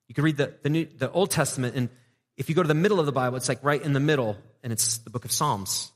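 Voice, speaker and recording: A male pastor gives a sermon in a relaxed, conversational way, slipping into playful asides. His voice sits at an ordinary middle pitch for a man. The sound carries the long reverb of a church sanctuary. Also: fast.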